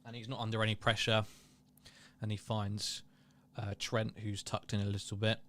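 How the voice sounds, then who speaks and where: A man's voice: lowish voice, level tone, moderate pace, a bit bright. A young man hosting a live match watchalong, chatting casually, reading viewer comments and calling the play. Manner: chatty, self-deprecating, reads out viewer comments.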